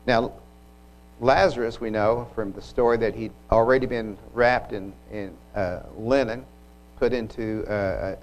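Slow-speaking man giving a sermon. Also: lowish voice, steady tone, low-quality recording. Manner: unhurried, reflective, with occasional restarts. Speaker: preacher. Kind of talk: sermon retelling scripture.

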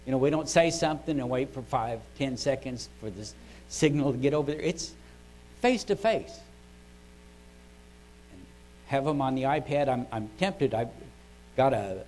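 Older man, devotional talk, mid-pitched voice, folksy, chatty, frequent throat-clearing, faint hum behind. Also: darkish tone, rough recording. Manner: conversational and folksy, often clears his throat. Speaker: devotional speaker.

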